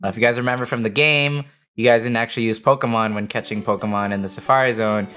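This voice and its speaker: Game master guy, lots of ums and uhs, music quietly behind. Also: medium pitch, fairly even intonation, fast talker, clean tone. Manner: hesitant, many fillers and restarts. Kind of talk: narrating a tabletop game.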